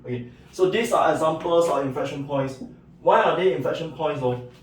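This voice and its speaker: A man's voice: a little high, moderate pace. A man giving a recorded math lecture, explaining step by step and checking in with "right?" and "okay". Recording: echoey room, mic at a distance.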